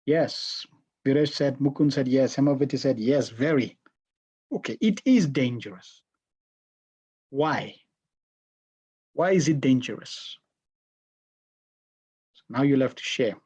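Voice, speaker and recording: Husky, mid-pitched class teacher, interactive and questioning, video-call lesson. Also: animated, slow, long pauses, mellow. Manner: questions the class and repeats answers back.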